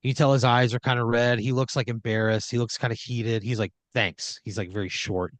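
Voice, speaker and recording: A man's voice: medium pitch, steady tone, a little fast, no echo. A man hosting an improv podcast, narrating a scene in second person with a loose, rambling manner full of "like" and "you know.". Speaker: host running the improv story.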